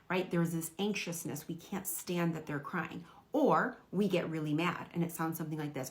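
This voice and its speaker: A woman's voice: sits low, fairly even intonation, normal speed, hardly any pauses. A woman who works as a parenting coach, giving direct, earnest advice to camera.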